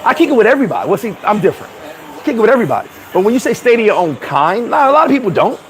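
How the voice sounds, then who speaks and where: A higher-voiced man, ranting loosely and bluntly to a live chat. His talk is profane and animated, and he breaks into laughter at his own slips. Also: racing. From New York. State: sweating in the heat. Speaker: vlogger talking to live chat. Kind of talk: casual livestream rant. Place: hot corner, Caribbean town.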